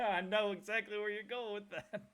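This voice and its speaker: A man's voice: high-pitched, level tone, moderate pace, sharp tone, clear, resonant tone. A man co-hosting a podcast in casual chat, telling rambling stories and acting out the voices in them. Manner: rambling storyteller, acts out quoted voices, laughs often. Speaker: podcast co-host.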